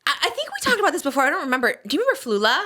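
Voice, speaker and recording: A woman's voice: very high voice, big pitch swings, very fast, bright, forceful tone. A woman in her thirties hosting a podcast, chatting casually in a rambling, giggly way with lots of fillers. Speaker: podcast host. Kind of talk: casual chat.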